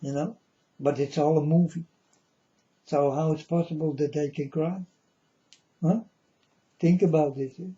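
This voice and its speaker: A man speaks to his viewers in a warm, mellow voice. He moves very slowly and deliberately through an earnest, rambling monologue, calling his audience folks. The recording sounds dull and lo-fi. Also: a little high, steady tone.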